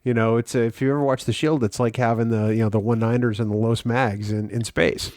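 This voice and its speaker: A man's voice: mid-range voice, steady tone, a little fast, a little mellow, no room sound. Thoughtful male podcast co-host, dry sound. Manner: thoughtful, explains with everyday comparisons, many ums. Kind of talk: casual podcast chat.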